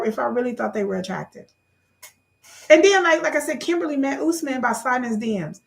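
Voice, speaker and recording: A woman chatting casually to her viewers, gossipy and animated, jumping into high exclamations. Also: fast, vocal fry. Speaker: YouTuber. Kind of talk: casual chat to camera.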